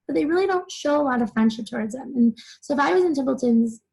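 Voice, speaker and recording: A young woman teaching a recorded reading lesson from a laptop mic. Her voice sits high and comes out airy and a little husky. She breaks things down simply for children, with lots of casual fillers. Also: expressive, quick pace, hardly any pauses, darkish tone, low-quality recording. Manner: explains simply, uses many "like" fillers.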